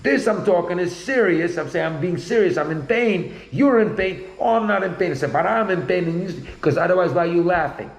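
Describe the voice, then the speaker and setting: A man's voice: sits high, animated, fairly quick, few pauses, echoey room, poor audio. A man in casual conversation, talking bluntly and rambling, often repeating himself.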